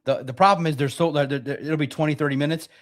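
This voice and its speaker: Animated man hosting a sports stream. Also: on the high side. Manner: animated and rapid-fire, with many restarts. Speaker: sports podcast host. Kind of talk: live-stream sports commentary.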